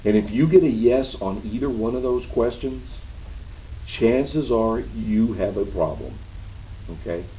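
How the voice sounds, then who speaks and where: A man's voice: medium pitch, animated, unhurried, recorded from a distance. A man giving a training presentation in a meeting room, folksy and checking in with "okay" after each point. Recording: dull lo-fi camera audio with faint hiss.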